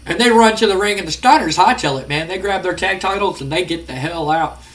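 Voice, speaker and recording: A man's voice: high-pitched, a little fast, a bit bright. A man giving rambling, casual let's-play commentary, full of fillers. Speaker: gaming channel host.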